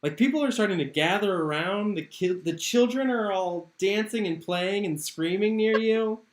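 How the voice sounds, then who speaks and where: A man's voice: high-pitched, normal speed, echoey room, slight background noise. A man narrating a tabletop game as game master in an easygoing way, on an online call. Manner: easygoing, many fillers.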